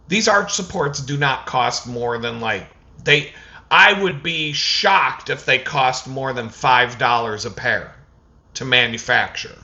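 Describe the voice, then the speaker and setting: Man, casual vlog rant, profane, animated storytelling, bright forceful voice, slightly muffled lo-fi sound. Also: mid-range voice. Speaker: vlogger.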